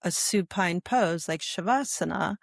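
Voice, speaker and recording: A woman yoga instructor talking in a calm interview, with a soothing, guiding manner and a habit of asking "right?". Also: lowish voice, unhurried, vocal fry, no room sound, studio quality. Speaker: yoga instructor and sobriety guest. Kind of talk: calm conversational interview talk.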